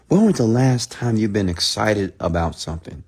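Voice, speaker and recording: A man giving a late-night motivational livestream rant as a mentor, speaking straight to his listeners. He repeats phrases, swinging from loud pleading to a hushed, close tone. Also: on the low side, animated, normal speed, slightly rough. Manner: repetitive, direct address to the listener.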